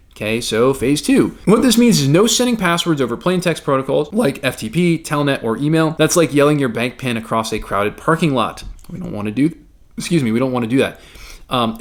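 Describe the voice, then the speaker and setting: A man, a compliance consultant, explaining security rules in a conversational video with frequent jokes and asides. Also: medium pitch. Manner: joking, conversational.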